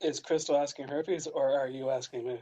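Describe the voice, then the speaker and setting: A man's voice: mid-range voice, steady tone, a little fast, warm tone, slightly rough. A man playing in a tabletop game, casual, with joking sarcastic asides. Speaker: player. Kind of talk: tabletop role-play, casual. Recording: dull lo-fi sound.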